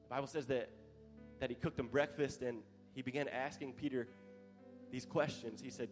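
A male pastor preaching a sermon with passion, growing louder at the climaxes. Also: mid-range voice, steady tone, normal speed. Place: church hall. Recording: live church hall with long reverb and soft music.

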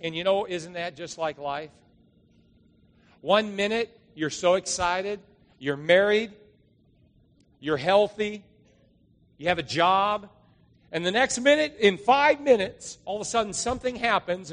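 A man's voice: high-pitched, expressive, unhurried, long pauses, a bit bright, big-room sound. A man, a pastor giving a conversational, storytelling sermon to his congregation. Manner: conversational, storytelling, emphatic rises. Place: church.

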